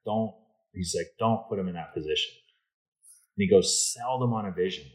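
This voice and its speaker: A middle-aged man with a low, deep voice shares workplace stories in a relaxed interview. He slips into quoted dialogue with energy. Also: moderate pace, poor audio. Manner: animated anecdotes, acts out quoted dialogue. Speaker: insurance executive, podcast guest. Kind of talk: casual storytelling interview.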